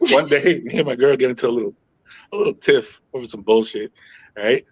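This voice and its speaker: A middle-aged man hosting a podcast, telling stories in a calm, even tone with frequent "yo" and swearing. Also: medium pitch, a little fast, husky, lo-fi sound. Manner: calm, even-tempered storytelling with frequent "yo" and profanity. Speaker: podcast host. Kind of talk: casual podcast chat.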